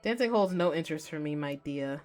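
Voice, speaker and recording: A woman's voice: sits low, expressive, darkish tone, soft background music. A woman voicing a formal shadow monster. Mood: aloof. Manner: measured, formal, condescending.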